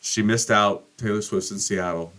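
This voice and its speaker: A middle-aged man hosting a podcast, telling a rambling, profane story and acting out quotes with big jumps in pitch. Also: steady tone, moderate pace, fairly bright tone. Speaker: podcast host. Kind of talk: casual monologue.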